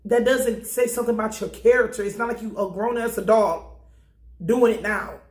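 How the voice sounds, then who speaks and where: A woman casually recapping a TV episode, animated and profane, often acting out the characters' lines. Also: a little high, a little fast, echoey room.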